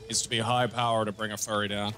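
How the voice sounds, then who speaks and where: A man's voice: on the low side, fast. A man chatting casually over a video game, swearing freely and riffing on silly ideas. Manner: animated, swears freely, riffs on jokes. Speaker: co-host of a gameplay channel. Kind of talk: casual gameplay commentary. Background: game music.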